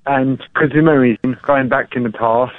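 A male caller to a radio show speaking hesitantly and apologetically, with halting phrasing, over a tinny phone line. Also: medium pitch, steady tone, dry recording.

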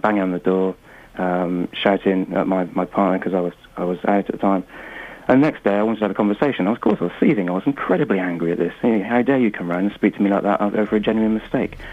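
A man speaking down a tinny phone line, patient and measured despite the fast pace. His voice sits on the low side, and fillers dot his steady explanations. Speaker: guest from a mediation group. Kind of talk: calm explanatory phone interview.

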